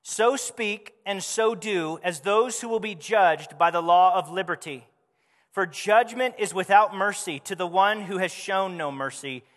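A man preaching a sermon, his voice high and bright with a tense edge. He talks to the congregation conversationally, tossing out rhetorical questions. A long reverb hangs on his words as if in a large hall. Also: a little slow. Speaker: pastor.

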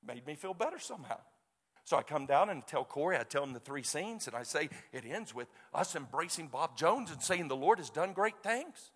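A male preacher tells a story from the pulpit, slipping into the voices of the people in it. His voice sits a little high for a man. A long reverb trails each phrase, as in a large hall. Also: moderate pace, slightly rough. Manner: animated storyteller acting out quoted voices. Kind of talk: sermon storytelling.

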